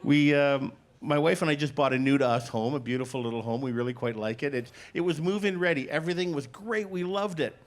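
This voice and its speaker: A middle-aged man doing a stand-up comedy set, playful with deadpan punchlines, acting out both sides of conversations on stage. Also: fairly high pitch, brisk, few pauses, a little hiss or hum. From Canada. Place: comedy stage before a live audience.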